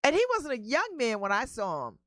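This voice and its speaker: Lively, animated woman radio host. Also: fairly high pitch, fairly quick, no room sound, clean studio sound. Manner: animated storytelling, emphatic repeats. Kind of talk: casual chat about music.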